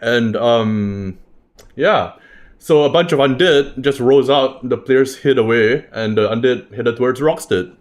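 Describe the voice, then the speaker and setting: A man's voice: medium pitch, a little slow. A man recapping a tabletop game session in a loose, rambling way, swearing freely. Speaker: game master recapping a campaign. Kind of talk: casual spoken recap.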